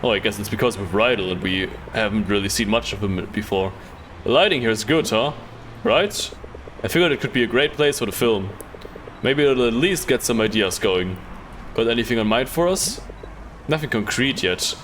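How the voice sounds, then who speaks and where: A man's voice: on the low side, moderate pace, fairly bright tone, a little hiss or hum. A man streaming a game live, reading the dialogue aloud in a casual way, stumbling over words and swearing offhand.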